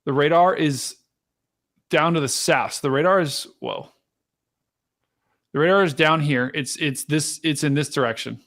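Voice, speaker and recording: A man hosting a live storm-tracking stream, chatting casually to his viewers and explaining radar, excitable and talkative. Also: a little high, normal speed. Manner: excitable, chatty, talks to chat directly. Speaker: livestream weather host.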